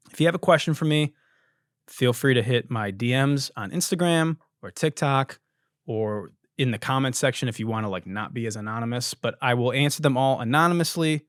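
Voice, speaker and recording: A man's voice: medium pitch, fairly quick, no room sound, studio quality. A young man hosting a comedy podcast, telling a story with lots of swearing and playing out both sides of a conversation. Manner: profane, animated, acts out both sides of a conversation. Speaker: podcast host.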